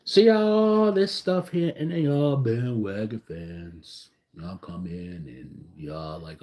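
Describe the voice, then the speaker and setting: A man giving a casual, profane reaction rant as a sports fan vlogger, swinging between loud outbursts and low muttering. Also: slow, hardly any pauses.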